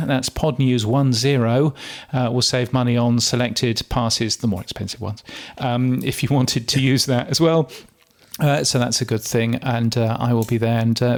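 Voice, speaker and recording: A man co-hosting a podcast, talking casually with plenty of ums and uhs. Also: medium pitch. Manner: chatty, many ums and uhs. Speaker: podcast co-host.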